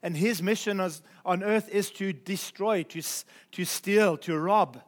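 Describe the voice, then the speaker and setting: High-voiced man preaching a sermon. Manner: emphatic, repeats key phrases, slows for scripture.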